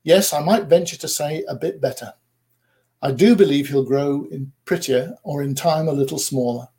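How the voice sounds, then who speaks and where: A man's voice: a little high, moderate pace, dark tone, close to an everyday voice. A man voicing a bossy, proud mother duck. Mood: pleading. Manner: scolding, bossy, protective.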